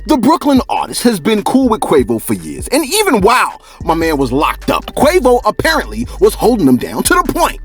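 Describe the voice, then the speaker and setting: Very animated male gossip host. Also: high-pitched, brisk, hardly any pauses, faint music behind. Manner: animated and slangy, chuckles often. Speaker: entertainment news host. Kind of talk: celebrity gossip commentary.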